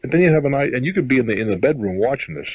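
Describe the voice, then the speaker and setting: A man's voice: medium pitch, lively intonation, racing, breathy edge, dry recording. A middle-aged man hosting a call-in radio advice show, blunt and chuckling as he gives callers his advice. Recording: lo-fi radio broadcast audio.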